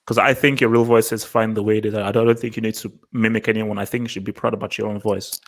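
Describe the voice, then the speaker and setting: A man's voice: fairly low pitch, little pitch movement, fast talker. A man hosting a casual football podcast, reading viewer comments and questioning a co-host in a playful mock-serious way.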